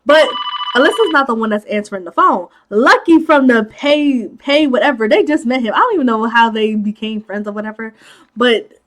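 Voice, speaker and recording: Chatty high-voiced woman recapping a movie. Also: moderate pace. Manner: animated, chatty, laughs often, acts out characters' lines; many filler "like"s. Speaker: movie commentary host.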